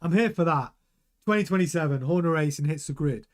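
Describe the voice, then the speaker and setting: A middle-aged man with a fairly high, fairly quick voice hosts a live stream and reads the chat. His delivery is chatty and lively, full of repeated words and restarted sentences.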